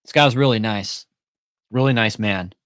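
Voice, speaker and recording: In a dry, studio-quality recording, a man with a lowish, slightly bright, clean voice speaks at normal speed. Hosting a casual commentary channel, he swears freely and retells a phone call, acting out both sides of the conversation in quoted dialogue.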